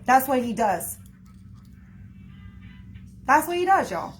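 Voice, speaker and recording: A woman's voice: high voice, big pitch swings, slow, slight background noise. A woman in her thirties speaking emotionally in a casual livestream, often calling her viewers y'all.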